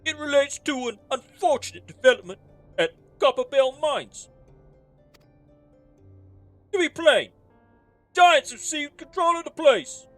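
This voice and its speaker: A woman's voice: sits high, animated, a little slow, pauses often, dry recording, soft background music, voice pushed up. A woman voicing a courteous middle-aged male innkeeper in a game, with a put-on New Jersey wise-guy accent and formal speech. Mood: courtly. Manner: formal, old-fashioned speech. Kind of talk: voicing game dialogue on a stream.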